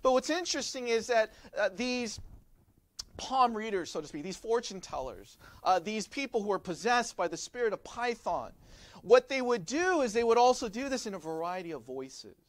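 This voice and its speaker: This pastor has a high voice with big swings in pitch, and he moves at a moderate pace through a teaching-style sermon. Again and again he addresses listeners with rhetorical questions, all recorded without any room sound.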